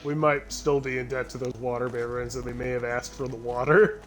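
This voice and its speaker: A man's voice: medium pitch, fairly even intonation, fairly quick. A man streaming a video game, chatting casually with a friend, laughing easily and often breaking off to restart a sentence. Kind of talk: casual gameplay chat. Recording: faint game music behind.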